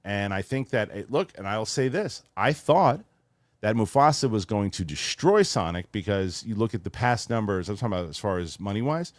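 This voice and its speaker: A man's voice: moderate pace, dry recording. A middle-aged man hosting a casual movie podcast, talking animatedly and sometimes mimicking voices. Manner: animated, mimics voices mockingly in high squeaky tones. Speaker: show host.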